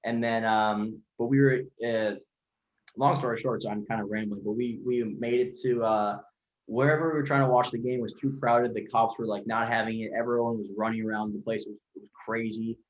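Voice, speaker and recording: A man who is a guest chef on a podcast, telling stories in a rapid, rambling way full of fillers and swearing. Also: on the low side, steady tone. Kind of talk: casual storytelling. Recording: lo-fi dull audio.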